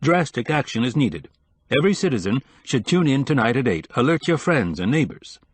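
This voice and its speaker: An urgent male radio announcer proclaiming a bulletin, as a narrator puts him on in an audiobook. He pitches up from a husky base, and the sound is dry and close. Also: very animated, a little fast, no room sound.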